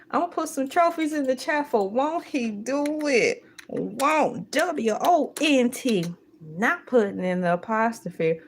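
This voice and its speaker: Lady chatting on her live stream, slow and easy, laughs a lot, bursts into little sung bits. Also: on the high side, slight background noise. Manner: animated, laughing, breaks into sung exclamations. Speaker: livestream host. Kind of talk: casual live-stream chat.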